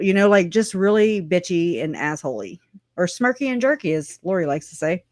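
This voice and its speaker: Livestream host, loose and rambling, mid-pitched voice with dry close sound, casual commentary with frequent laughs. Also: lively intonation, moderate pace, no echo. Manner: rambling, chatty, swears, laughs often.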